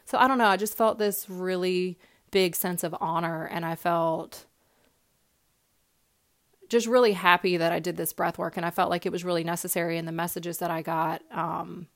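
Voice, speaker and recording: A woman's voice: fairly low pitch, fairly even intonation, normal speed. A young woman hosting a podcast, sharing a personal story in a heartfelt, casual way with many fillers and repeated words. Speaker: podcast host.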